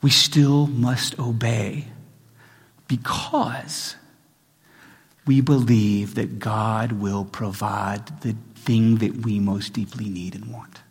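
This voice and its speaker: A man's voice: on the low side, fairly even intonation, slow, vocal fry, husky. A man preaching a sermon, earnest, reading scripture with growing intensity. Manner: earnest, with frequent restarts and rising intensity in readings. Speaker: pastor. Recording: long reverb in a large hall.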